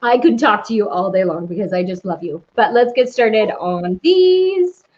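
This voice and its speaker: A woman with a Southern US accent hosting a casual writing chat, effusive and quick to laugh. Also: mid-range voice, animated, a little mellow, lo-fi sound, slight background noise. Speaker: host.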